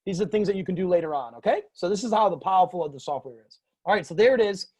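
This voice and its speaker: A man hosting a casual screen-share software tutorial, loose and rambling, full of fillers. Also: sits high, lively intonation, rapid-fire, slightly rough.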